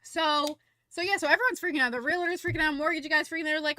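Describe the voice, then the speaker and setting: A young woman streaming, chatting casually and telling a rambling, animated story full of fillers. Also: sits high, fast, dry recording, clean studio sound. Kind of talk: casual livestream chat and visual novel read-along.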